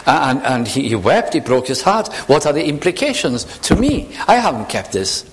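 A man preaching with earnest conviction. His pitch rises and falls in a lively way as he slows down to give weight to the scripture he reads. His voice sits at an ordinary middle pitch. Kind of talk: sermon.

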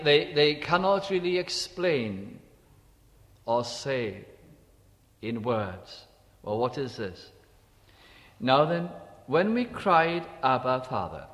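A man preaching a sermon, slow and emphatic, repeating key phrases and dropping to quiet asides. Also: fairly high pitch, in a large hall.

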